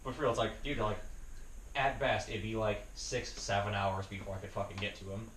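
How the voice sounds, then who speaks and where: A man's voice: lowish voice, fairly quick. A young man tells a story on a podcast, swearing freely and laughing between lines. He sits back from the mic, so his voice carries the echo of the room. A faint hiss runs under everything. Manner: profane, laughing, animated storytelling. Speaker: podcast host. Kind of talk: casual storytelling chat. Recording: roomy, distant mic with faint noise.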